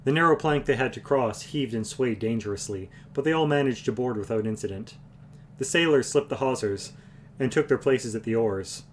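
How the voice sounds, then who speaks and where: A man's voice: mid-range voice, slight background noise. Man reading a fantasy novel aloud. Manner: even, unhurried reading with occasional restarts. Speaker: reader. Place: home livestream.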